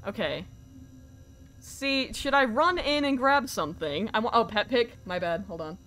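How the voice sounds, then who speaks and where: A young woman streamer with a bright, fairly high voice gives excitable, jokey commentary on a horror game. She swears freely and keeps thanking her viewers as she plays. Faint game music plays behind her. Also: normal speed.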